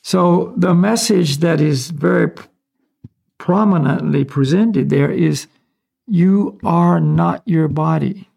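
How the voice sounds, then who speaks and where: A man from the United States, a spiritual teacher, explaining ideas in a relaxed, casual conversational way with small chuckles. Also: on the high side, slow, gravelly, husky.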